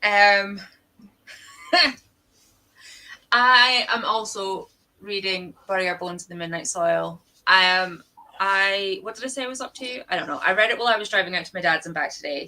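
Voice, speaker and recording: A woman's voice: mid-range voice, moderate pace, pushed and bright, low-quality recording. A young Scottish woman hosting a livestream, chatting casually with friends and reading out viewer comments. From Scotland. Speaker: livestream host.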